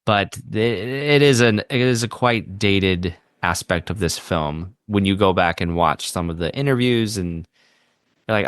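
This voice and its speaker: A man's voice: low voice, measured pace, smooth, dry recording, studio quality. A man co-hosting a podcast, talking about a movie in a wry, sardonic way. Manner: wry, sardonic, quotes lines with mock voices. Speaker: podcast co-host. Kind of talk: casual movie review chat.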